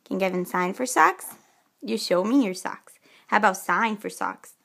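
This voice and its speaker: A woman coaching her toddler to sign words, speaking slowly and clearly, drawing out each word and offering frequent praise. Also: lively intonation, fairly bright tone. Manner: slow and clear, drawn-out words with frequent high-pitched praise. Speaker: mother teaching her toddler sign language. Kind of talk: slow, sing-song coaching of a toddler.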